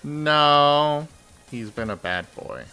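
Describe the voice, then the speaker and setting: Male streamer, lively pitch, unhurried, teasing. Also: faint music behind. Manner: relaxed, drawn-out, teasing. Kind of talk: casual stream chat.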